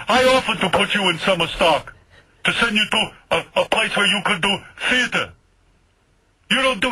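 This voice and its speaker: A man's voice: sits high, sharp tone, husky, pitched above the performer's own voice, exaggerated voice, low-quality recording. A man putting on his nagging older father, lecturing his son. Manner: scolding, lecturing. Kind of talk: comic impression on talk radio.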